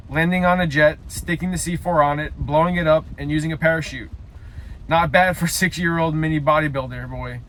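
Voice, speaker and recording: A man's voice: on the high side, a little hiss or hum. Joking New man reading aloud. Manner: reads haltingly, breaks off for loud self-mocking side comments. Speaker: vlogger reading aloud a childhood story. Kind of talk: casual read-aloud with joking asides.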